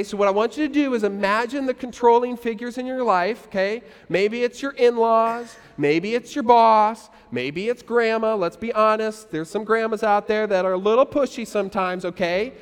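High-voiced pastor in a reverberant hall. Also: male voice. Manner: lively, leads the congregation in call-and-response. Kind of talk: sermon. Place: church hall.

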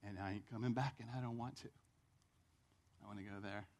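A male pastor preaching a sermon in church, telling the story with lively acted-out voices. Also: lowish voice, brisk.

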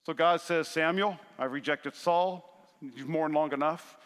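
A man's voice: on the high side, a little slow, a bit bright, clear, resonant tone. A male pastor preaching a sermon, calling out to the congregation for responses and rising in bursts of intensity. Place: large church sanctuary. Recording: long church hall reverb.

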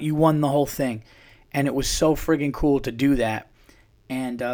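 Rambling, profane male comedian. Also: medium pitch. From New York. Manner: rambling, profane, with frequent restarts. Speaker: comedian, podcast host. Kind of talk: casual storytelling.

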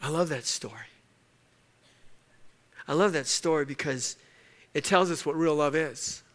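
A man's voice: on the high side, a little slow. A man preaching a sermon, telling a story and then pressing his point with rising emphasis. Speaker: pastor.

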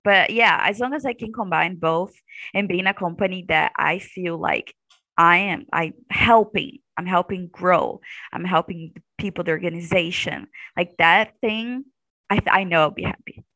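A young woman in her twenties chats as an interview guest, talkative and warm with lots of "like" fillers. Her voice has a creaky, gravelly fry. The sound is dry and close. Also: fairly low pitch, normal speed, no room sound, poor audio. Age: 20s. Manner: chatty, laughs often, fillers like "like". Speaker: graduate student guest. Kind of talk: casual interview chat.

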